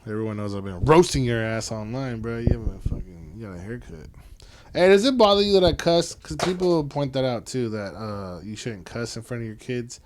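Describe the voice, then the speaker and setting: A man's voice: medium pitch, lively intonation, a little fast. A man in his thirties, a father hosting a podcast, chatting casually with his son, swearing freely and calling him "bro". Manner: laid-back, swears freely, says "bro".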